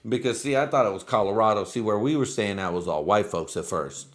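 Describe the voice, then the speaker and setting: Man, fairly low voice, casual profane storytelling, native spanish speaker, rambling vlog monologue. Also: a little fast. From Mexican-American family. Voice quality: profane, rambling, laid-back. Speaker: vlogger.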